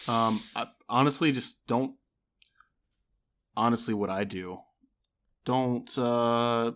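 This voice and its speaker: A man co-hosting a podcast in casual chat, easygoing and a bit halting. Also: medium pitch, steady tone, a bit bright. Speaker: podcast co-host.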